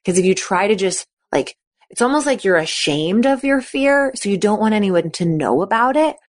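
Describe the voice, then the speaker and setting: A woman's voice: medium pitch, expressive, moderate pace. A woman coaching on a podcast, talking in an encouraging, chatty way and acting out quoted thoughts. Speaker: gymnastics coach and podcast host. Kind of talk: podcast monologue.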